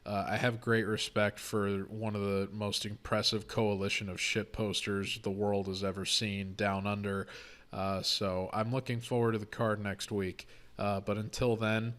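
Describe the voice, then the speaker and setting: A man hosting a casual podcast, talking through his picks in a chatty, excitable, joking way. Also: fairly low pitch, moderate pace. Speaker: podcast host.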